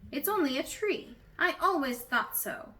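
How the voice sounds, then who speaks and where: A woman's voice: high voice, expressive, a little slow, fairly bright tone, faint music behind, voice pushed up, poor audio. A woman voicing a smug, know-it-all warthog in a storybook reading.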